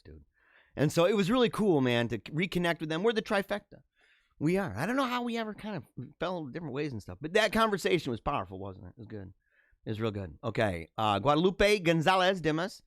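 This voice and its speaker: A man hosting a livestream, chatting casually and answering viewer comments in an animated, talkative way. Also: a little high, a little fast, no room sound, clean studio sound. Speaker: livestream host.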